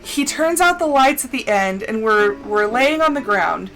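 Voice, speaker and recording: A young woman streaming a game, telling stories in a casual, animated way and acting out quotes. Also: normal speed, low-quality recording. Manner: animated storyteller, acts out quotes with big pitch jumps. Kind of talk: casual chat while gaming. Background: faint game music.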